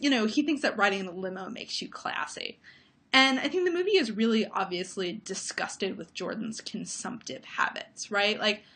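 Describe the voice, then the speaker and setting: A woman's voice: medium pitch, creaky, fairly bright tone. A woman film critic talking through her views on movies in a thoughtful, analytical way, with many fillers, over a remote call. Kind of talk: casual conversation about movies.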